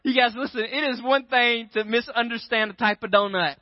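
High-voiced man telling a story. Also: brisk, no echo. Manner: animated storyteller, keeps asking the crowd "right?". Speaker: pastor. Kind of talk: storytelling sermon. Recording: dry, dull lo-fi sound.

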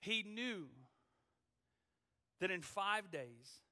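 A man's voice: high-pitched, animated, sharp tone, long reverb tail. A man, a student pastor, preaching a dramatic, emphatic sermon in a church. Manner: dramatic, emphatic, drawn-out phrasing.

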